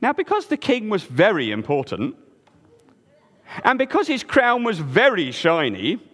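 A children's storyteller, a man with a high, hugely animated voice that swoops up and down, tells a tale to a crowd in a big hall. He speaks slowly and playfully, expressive throughout, and invites listeners to join in the story. A long reverb trails after his voice.

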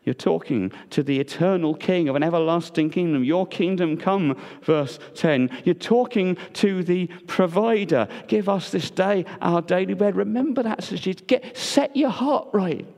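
A man preaching a sermon, moving between emphatic lines and hushed, quiet passages. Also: normal speed, vocal fry, hardly any pauses. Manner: swings between loud emphatic and hushed low delivery. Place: church. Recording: long church reverb.

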